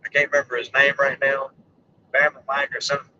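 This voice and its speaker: A middle-aged storm chaser rambles casually on a live stream from inside a vehicle, joking, goofing around and mocking himself, his voice worn and giving out. He speaks fast in a mid-range, sharp voice with completely flat delivery. He's far from the mic, and the audio is muffled with a little hiss or hum.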